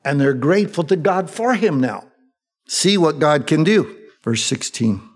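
A male preacher giving a sermon. He reads scripture with rising excitement and adds folksy asides. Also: a little high, unhurried, breathy edge. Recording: long echoey hall reverb.

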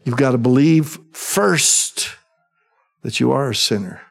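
A man's voice: mid-range voice, lively intonation, slow, gravelly, slightly rough. A middle-aged male pastor preaching a sermon, who talks conversationally and keeps asking the congregation whether they agree.

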